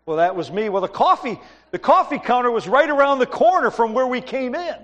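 A middle-aged man preaching a sermon as a pastor, telling stories in a conversational, animated way with asides to the congregation. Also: extremely high pitch, brisk, muffled recording. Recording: long hall reverb.

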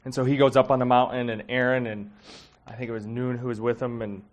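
A man's voice: medium pitch, flat delivery, fast. A man giving a casual, heartfelt sermon, talking conversationally with many fillers and getting emotional. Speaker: preacher.

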